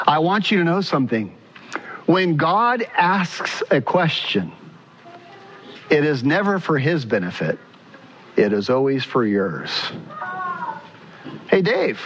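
A man's voice: a little high, big pitch swings, unhurried, a bit bright, slight background noise. A male pastor preaching a sermon in an earnest style, putting questions to the congregation. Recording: muffled sound with long church reverb.

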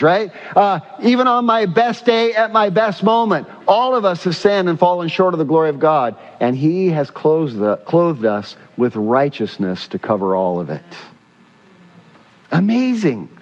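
A male pastor preaching a sermon with emphatic repetition and rhetorical questions, recorded in a church. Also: fairly high pitch. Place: church sanctuary. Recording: muffled sound with long hall reverb.

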